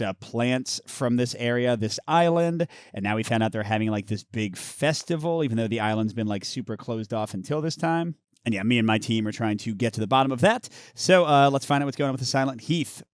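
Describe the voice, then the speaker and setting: Male host for a card game playthrough: casual, explanatory, reads flavor text aloud, animated delivery, dry sound. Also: mid-range voice, fairly quick, smooth, no room sound. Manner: chatty, explains rules while reading story text. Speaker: host of a board game channel.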